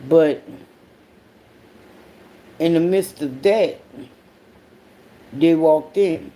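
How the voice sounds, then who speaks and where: A podcast host telling a story in a casual monologue, blunt and profane, breaking into sudden high outbursts and laughing along the way. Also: very slow, warm tone.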